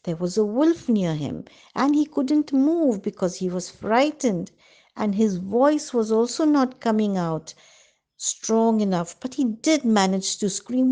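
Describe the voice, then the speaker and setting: A woman narrating a children's fable in an expressive storytelling manner, sometimes asking the listener questions. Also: medium pitch, slow pace.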